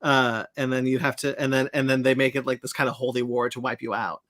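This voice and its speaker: A man's voice: mid-range voice, flat delivery, fast, a bit bright, dry recording. Man, podcast host, dry close sound, loose hesitant film talk. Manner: loose, paraphrasing, hesitant fillers. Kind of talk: casual film discussion.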